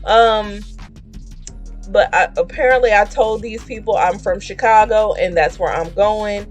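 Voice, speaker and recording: A woman streamer casually telling a dream story, animated and laughing as she acts out the people in it. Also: mid-range voice, unhurried, soft background music.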